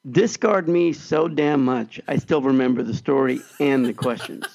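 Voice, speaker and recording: A man co-hosting a podcast, telling a story in an animated, excitable way. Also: medium pitch, moderate pace, creaky, rough recording. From California. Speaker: podcast co-host. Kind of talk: casual storytelling chat.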